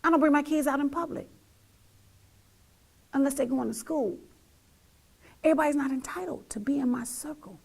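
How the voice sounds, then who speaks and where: Middle-aged mom, high gravelly voice, emphatic heartfelt testimony with repeated lines, sometimes hushed near a whisper. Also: female voice, normal speed, pauses often. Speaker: mother sharing her story.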